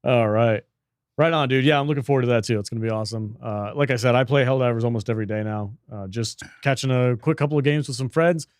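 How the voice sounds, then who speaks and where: A man's voice: medium pitch, fast, no echo, clean studio sound. A man co-hosting a casual gaming podcast, joking loosely and reading out viewer comments. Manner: laid-back, joking, swears freely. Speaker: podcast co-host.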